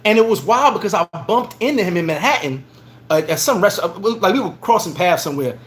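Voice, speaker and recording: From a bar in the Dominican Republic, a man runs a casual livestream vlog, his high voice moving at a quick pace. He tells lively stories and gives voice to the lines he quotes.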